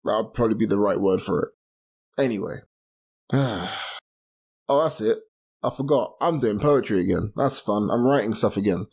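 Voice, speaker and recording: A man's voice: fairly low pitch, moderate pace, gravelly, pauses often, darkish tone, husky. A young man from London hosting a solo podcast, rambling casually and laughing at his own slips. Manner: rambling, self-deprecating, laughs at himself. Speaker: podcast host.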